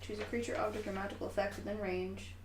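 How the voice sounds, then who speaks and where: A woman's voice: mid-range voice, fairly even intonation, fast talker, a little mellow, a little hiss or hum. Earnest woman player in an echoey room. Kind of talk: tabletop role-play.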